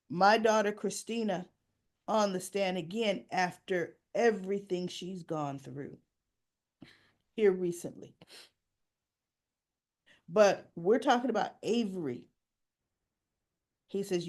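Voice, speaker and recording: A woman recapping a soap opera episode, casually retelling each scene and acting out the characters' lines. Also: medium pitch. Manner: animated, acts out the lines.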